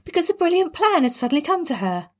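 A woman's voice: very high voice, big pitch swings, quick pace. A woman narrating a darkly comic story in a wry, dramatic way.

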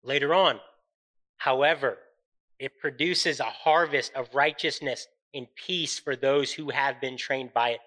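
A man's voice: medium pitch, measured pace, bright, forceful tone, low-quality recording. A man in his thirties hosting a faith-based motivational podcast, speaking in an earnest, encouraging way and often checking in with "right?". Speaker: podcast host.

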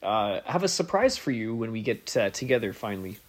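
A man co-hosting a podcast in casual chat, laid-back and quick to laugh. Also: lowish voice, sing-song. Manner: laid-back, laughs easily, says "yeah" a lot. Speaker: podcast co-host.

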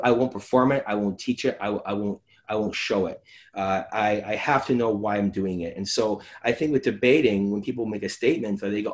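A man, a physiotherapist hosting a casual podcast chat, animated and acting out his talks with patients. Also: lowish voice, fairly quick. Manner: animated, acts out conversations with patients.

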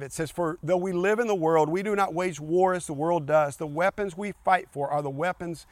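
A man preaching a streamed sermon in an earnest, repetitive way, with frequent small restarts. His voice sits a bit higher than most men's. The sound is close and dry, with no room echo. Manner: earnest, repeats key phrases, restarts often. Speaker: pastor.

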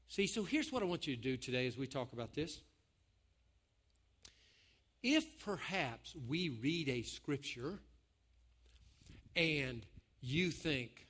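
A man's voice: on the high side, lively intonation, measured pace, long pauses, fairly bright tone. A man preaching a sermon in a folksy, joking way, speaking to his congregation. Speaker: pastor.

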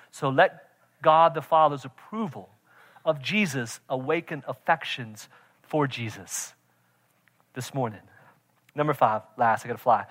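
A man preaching a sermon as pastor, emphatic, swinging from shouts to quiet intensity and often checking in with "right?". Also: mid-range voice, measured pace, long pauses. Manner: emphatic, repeats "right?" to the congregation.

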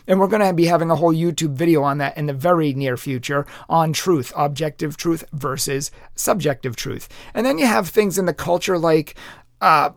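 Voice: medium pitch, no room sound, studio quality. A podcast host in a casual monologue who talks in an exasperated, rhetorical way, laughs often and leans on many fillers.

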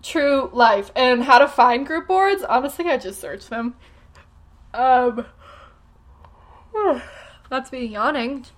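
A woman's voice: sits high, a little slow. A woman hosting a casual solo podcast, chatty and sarcastic with lots of fillers and self-deprecating asides. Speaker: blogger and podcast host. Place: home room, typing audible.

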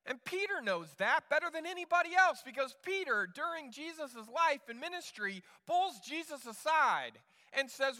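A man's voice: extremely high pitch, animated, normal speed, few pauses, pushed and bright, long reverb tail. A male pastor preaching a sermon in an earnest way, often repeating words as he restarts.

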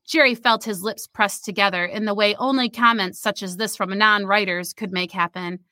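A woman's voice: medium pitch, fairly even intonation, moderate pace, hardly any pauses, pushed and bright, no room sound. A woman reading her own short story aloud expressively, then chatting casually about it over an online call.

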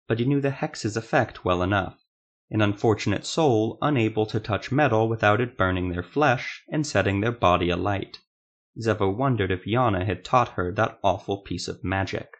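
A man narrating a fantasy story in a steady, measured storytelling manner. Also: lowish voice.

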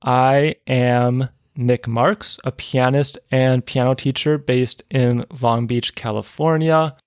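A man hosting a music podcast, introducing panelists and songs in a smooth, prepared way. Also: mid-range voice, fairly even intonation, slow, a little mellow, no room sound, studio quality. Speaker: podcast host.

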